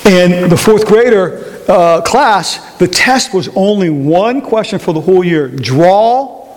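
A man preaching a sermon to a congregation, repeating key phrases and questioning the audience in a slow, emphatic delivery. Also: high voice, lively intonation. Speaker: pastor. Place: church sanctuary. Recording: long hall reverb.

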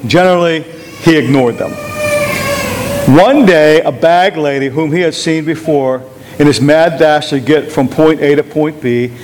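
Animated male pastor preaching a sermon. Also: on the high side, noisy background. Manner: questions the congregation, animated and emphatic.

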